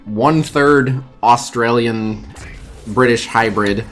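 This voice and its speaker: A man's voice: mid-range voice, slow, fairly bright tone, faint music behind. A man streaming a mobile game, chatting casually in a blunt, joking way and swearing freely.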